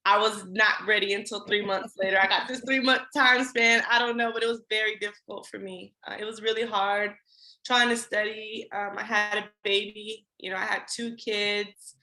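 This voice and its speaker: A woman in her thirties telling her own story as a podcast guest, candid and animated, acting out her past self in quick asides. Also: mid-range voice, echoey room, low-quality recording. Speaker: podcast guest, trucking business owner.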